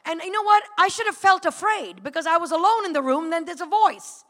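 A woman giving a personal testimony to a church congregation, moving from a quiet retelling to fervent calls. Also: very high voice, lively intonation, a little fast. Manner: builds from quiet storytelling to fervent shouting. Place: church sanctuary. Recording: long church hall reverb.

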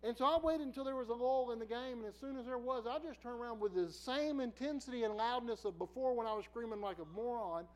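A middle-aged man preacher telling a personal story in a sermon, laughing often and swinging from quiet asides to loud bursts. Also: extremely high pitch, fast talker, few pauses, rough recording.

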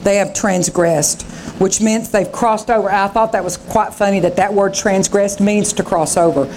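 A woman's voice: medium pitch, fairly even intonation, moderate pace, a little mellow, slight background noise. A woman pastor preaching a revival sermon, fervent and dramatic, acting out the voices of scripture.

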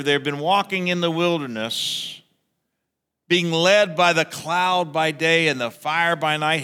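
Bright-voiced male pastor preaching in a hall. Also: on the high side. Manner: animated, acts out crowds in raised voices. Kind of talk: sermon.

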